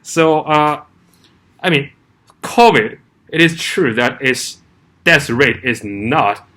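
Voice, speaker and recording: A man's voice: mid-range voice, lively intonation, slow, fairly bright tone. A man delivering an argumentative opinion vlog, firing off rhetorical questions and often restarting his words. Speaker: commentary vlogger.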